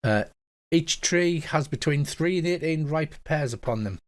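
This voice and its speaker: A man's voice: on the high side, lively intonation, a little slow. A man running a tabletop game as game master, describing scenes casually. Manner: casual, descriptive, swears now and then.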